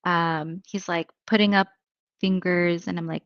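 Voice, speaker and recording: A woman's voice: lowish voice, little pitch movement, normal speed, dry recording, muffled recording. A woman psychic medium giving a live reading in a chatty, thinking-aloud way, full of fillers.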